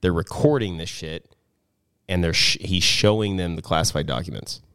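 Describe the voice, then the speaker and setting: A man's voice: deep voice, normal speed, noisy background. A man hosting a casual podcast chat in a garage, laughing often and steering the topics. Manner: laughing, leads topics, swears freely. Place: home garage.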